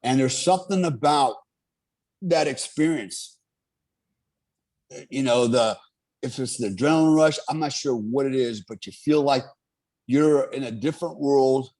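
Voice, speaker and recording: A middle-aged man recounts his combat deployments in a casual interview. His pitch sits in an ordinary middle range. He rambles earnestly, with frequent fillers. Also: a little slow, long pauses, a little mellow. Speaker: military veteran guest.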